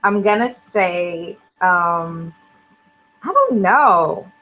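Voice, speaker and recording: A woman talks very slowly on a podcast as a guest, pausing and thinking aloud. Faint background noise sits under her voice. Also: lowish voice, expressive, bright, forceful tone, dull audio. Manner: unhurried, hesitant, thinking aloud. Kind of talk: casual chat.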